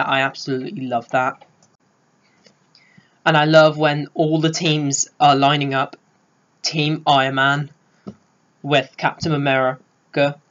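A man talks through his favourite film moments in a slow, unhurried way, gushing with praise and filling every pause with hesitations. His voice sits at an ordinary middle pitch. The recording sounds dull and lo-fi. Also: fairly bright tone. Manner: gushing, lots of filler words. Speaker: film vlogger. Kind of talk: casual spoiler review.

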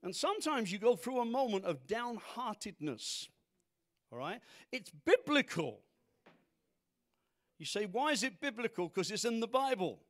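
A man's voice: sits high, big pitch swings, a little slow, pauses often. A man preaching a sermon as pastor to a congregation, full of rhetorical questions. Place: church congregation.

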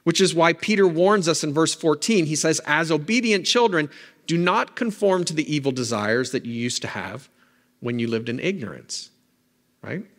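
A male pastor giving a sermon in a conversational way, often checking in with the congregation with quick asides. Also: a little high, long reverb tail. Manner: conversational preaching, frequent "right?" asides. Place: church sanctuary.

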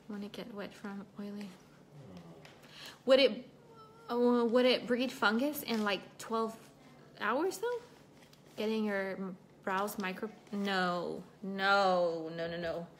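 Doing her makeup on a livestream, a woman with a medium-pitched voice reads out viewer comments and chats casually, turning emotional over her broken foot. The host's audio carries a little hiss or hum.

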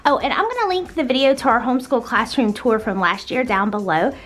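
A woman's voice: a little high, lively intonation, fairly quick, a bit bright. Chatty woman, upbeat vlog. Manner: chatty and upbeat, with frequent fillers. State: a little out of breath. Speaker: homeschooling mom vlogger. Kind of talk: casual home tour vlog.

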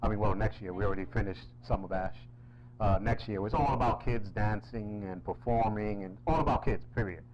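A man's voice: on the low side, a little fast, dull audio, noisy background. A man hosting a casual interview, joking and laughing often. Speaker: host.

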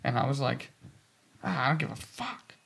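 A man's voice: medium pitch, moderate pace, creaky, a bit bright, breathy edge. A man in his twenties co-hosting a podcast, telling stories in casual chat and acting out quoted dialogue. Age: 20s. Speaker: podcast co-host.

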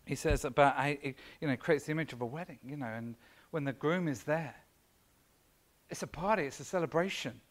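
A man's voice: fairly high pitch, a little fast. A man preaching a conversational sermon as pastor, self-deprecating and full of asides to the congregation. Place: church.

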